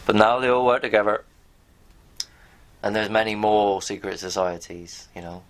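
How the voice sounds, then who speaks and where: Blunt man with a lowish voice. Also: normal speed, clean tone. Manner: rambling, blunt, swears, talks straight to viewers. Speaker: video host. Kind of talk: casual commentary while reading from pages on screen.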